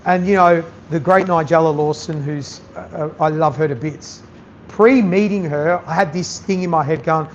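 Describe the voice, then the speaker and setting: A man with a fairly high voice speaks at a normal pace, giving a chef's masterclass to an audience at an event venue. He's blunt and animated, swearing freely in this candid talk. The audio sounds slightly dull with faint noise.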